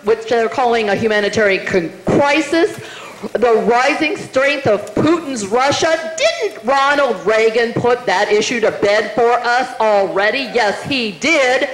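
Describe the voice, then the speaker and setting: A woman's voice: on the high side, lively intonation, a little slow, hardly any pauses. A middle-aged woman giving a rousing, emphatic political rally speech in a meeting room, firing rhetorical questions at the crowd. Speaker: political speaker. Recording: roomy hall, faint noise.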